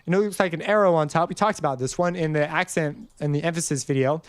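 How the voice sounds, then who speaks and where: A man's voice: a little high, quick pace, clean tone, no echo. A man hosting a casual music theory tutorial, explaining in a loose, rambling way and singing notes to show each marking. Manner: loose, rambling explanations, sings note examples. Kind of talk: casual screen-recorded tutorial.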